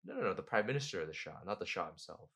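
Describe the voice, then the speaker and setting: A man, a podcast guest who tells history as animated, slangy stories and laughs often. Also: sits low, rapid-fire, gravelly. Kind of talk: casual podcast conversation.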